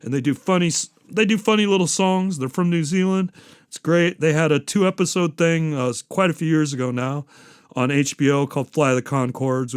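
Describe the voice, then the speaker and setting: Recorded dry at studio quality, this podcast host has a slightly high, clean-toned voice. His talk is a loose, casual ramble that wanders into profane tangents, punctuated by little chuckles.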